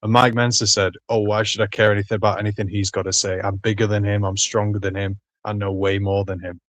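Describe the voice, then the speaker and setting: A man's voice: lowish voice, flat delivery, fast talker, a bit bright, no room sound. A man co-hosting a casual panel stream, talking in a blunt, teasing, profane way. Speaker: panel co-host.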